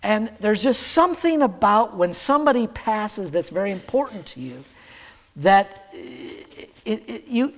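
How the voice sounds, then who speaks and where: A man in his sixties preaching a sermon, telling a personal story in a halting way with many fillers and restarts. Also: high voice, big pitch swings, in a large hall. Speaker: pastor.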